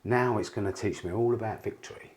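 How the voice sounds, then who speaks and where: A man speaks in a fairly low voice as a podcast guest. He rambles through candid stories, swears freely and often restarts his sentences. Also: quick pace, a little mellow. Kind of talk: candid storytelling interview.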